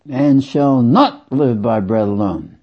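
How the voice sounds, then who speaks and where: A man preaching a sermon slowly and with emphasis, repeating phrases for weight. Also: mid-range voice. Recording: dull lo-fi sound.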